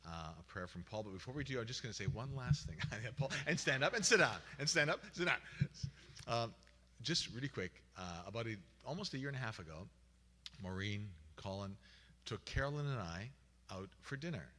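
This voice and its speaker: Animated man telling stories in a reverberant church. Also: medium pitch, brisk. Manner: humorous, animated storyteller. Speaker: memorial speaker. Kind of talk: storytelling eulogy. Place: church hall. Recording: church sanctuary with long reverb.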